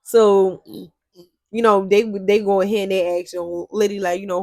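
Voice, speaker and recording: A young woman telling a workplace drama story to her viewers, animated and profane, often addressing them directly. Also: medium pitch, moderate pace, no echo. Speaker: store cashier telling a story. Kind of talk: storytime vlog.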